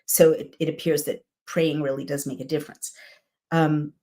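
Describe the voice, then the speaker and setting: A woman's voice: deep voice, flat delivery, normal speed, warm tone. A woman reading a Bible passage aloud and breaking off for reflective, conversational commentary, often checking in with "right?". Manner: reflective, conversational asides with "right?" and "you know". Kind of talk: scripture reading with personal commentary.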